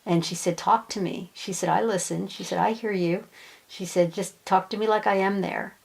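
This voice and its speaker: A woman hypnosis practitioner gently passing on messages in a soft way, often repeating her words. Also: medium pitch, fairly even intonation, normal speed, gravelly, poor audio. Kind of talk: gentle relaying of channeled messages.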